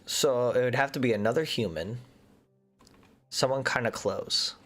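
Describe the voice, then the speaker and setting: A man's voice: medium pitch, moderate pace, fairly bright tone, soft background music. A man giving casual commentary as he plays a game, chatting and thinking aloud, sometimes muttering nervously under his breath. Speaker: gaming streamer.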